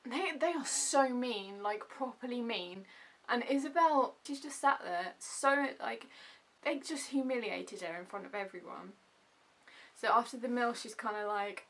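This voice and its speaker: A young woman chatting casually in a vlog, gushing and animated, full of asides and "like". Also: medium pitch, moderate pace. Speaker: vlogger reviewing a TV episode.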